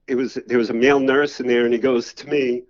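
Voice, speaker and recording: A man's voice: mid-range voice, little pitch movement, quick pace, darkish tone. An older man, a podcast guest telling personal stories in a loose, rambling way full of "you know" fillers. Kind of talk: casual storytelling interview. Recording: slightly dull lo-fi audio.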